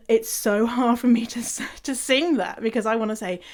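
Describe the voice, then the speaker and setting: A chatty middle-aged woman from England talks casually on her solo podcast. Her English accent is softened by Canadian sounds, and she laughs often and spells words out letter by letter. Her pitch sits in an ordinary middle range. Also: normal speed, few pauses. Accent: English, mixed with Canadian. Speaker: podcast host.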